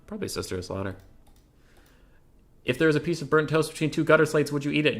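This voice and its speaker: Lively intonation and a voice on the high side mark this male host. He reads community questions in a casual gaming Q&A and replies fast with offhand jokes.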